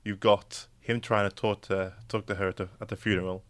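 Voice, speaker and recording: A man's voice: on the low side, little pitch movement, a little fast, a bit bright, no room sound. A young man co-hosting a podcast, chatting casually and rambling with many fillers and restarts. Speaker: podcast co-host. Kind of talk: casual chat.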